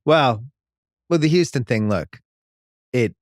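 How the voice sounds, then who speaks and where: A male podcast host talking sports in a casual, joking way, firm in his opinions and quick to restart a thought. His voice sits in a middle pitch and is recorded dry and close on a studio mic. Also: lively intonation, no room sound.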